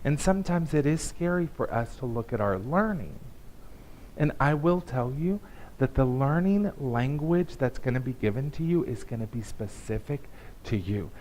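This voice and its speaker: A man's voice: mid-range voice, expressive, darkish tone, a little hiss or hum, poor audio. Man preaching a casual sermon. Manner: conversational, emphatic preaching with pauses and restarts. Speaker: guest speaker. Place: church service.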